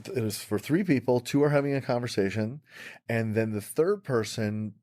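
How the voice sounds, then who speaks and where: A man's voice: mid-range voice, moderate pace, darkish tone. A man hosting an improv comedy podcast, playful and upbeat as he leads the games. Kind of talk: casual improv chat.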